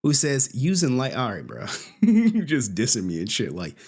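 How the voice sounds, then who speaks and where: A man's voice: medium pitch, huge pitch swings, normal speed, a little mellow, slightly rough. A man hosting a casual livestream, laughing often, joking and swearing as he talks. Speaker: streamer host.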